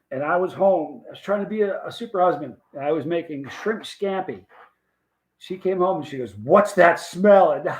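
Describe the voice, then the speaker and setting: A man's voice: on the high side, rough recording. A man hosting a livestream, rambling in a folksy, casual way and reading out viewer comments. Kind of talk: casual chat.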